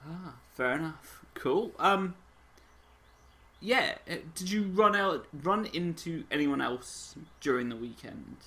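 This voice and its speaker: A man's voice: on the high side, expressive, slow, pushed and bright. A man hosting a podcast in casual chat, mostly giving short agreeing replies and easygoing questions. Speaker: podcast host.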